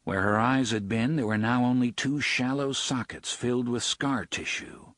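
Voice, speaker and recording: A man narrating a novel as an audiobook in an expressive storytelling read. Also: medium pitch, moderate pace, dry recording, clean studio sound. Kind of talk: scripted narration.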